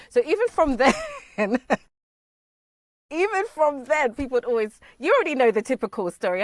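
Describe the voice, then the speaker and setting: A woman guest telling her story in a chatty, lively way, laughing often, over a video call. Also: fairly high pitch, a little fast, no echo, clean studio sound. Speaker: podcast guest. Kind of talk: casual interview chat.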